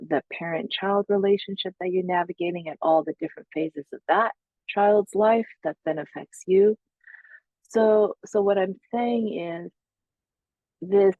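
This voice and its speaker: A woman's voice: fairly low pitch, no room sound. A woman psychotherapist talking through spiritual practice in a reflective monologue, searching for words with many fillers. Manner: searching, with many fillers and self-quoted asides. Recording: tinny phone-like sound.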